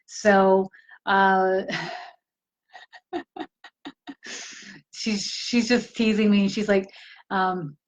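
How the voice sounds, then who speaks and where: A woman medium talking casually on a live stream, chatty, laughing often and filling pauses with ums. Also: medium pitch, muffled recording. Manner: slow, chatty, laughs often, many fillers. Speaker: spiritual medium.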